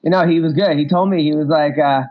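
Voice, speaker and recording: High-voiced man, dull lo-fi sound. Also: steady tone, fast talker. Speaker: stand-up comedian, podcast host. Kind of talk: casual chat.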